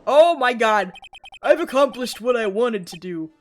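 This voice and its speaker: A woman's voice: a little high, lively intonation, a little slow, faint music behind. A young woman streamer making playful, chatty asides while reading a courtroom game aloud. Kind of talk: casual game stream commentary.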